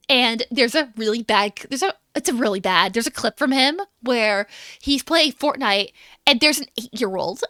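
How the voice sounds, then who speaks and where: A woman's voice: on the high side, bright, forceful tone, no echo, clean studio sound. A young adult woman streaming as a VTuber, chatting casually and animatedly and laughing often.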